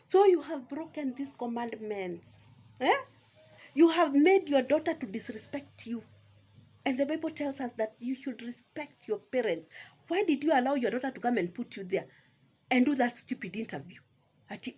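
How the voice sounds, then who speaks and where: A woman's voice: on the high side, expressive, moderate pace, darkish tone, breathy edge. A woman vlogger with a Kenyan accent ranting at her rivals in a scolding, sarcastic tone. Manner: scolding, sarcastic, keeps asking "eh?". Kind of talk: ranting commentary.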